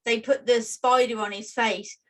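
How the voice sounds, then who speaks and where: A woman's voice: on the high side, steady tone, normal speed, very noisy. A British woman co-hosting a podcast, chatting casually and laughing often. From United Kingdom. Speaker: podcast co-host. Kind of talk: casual chat.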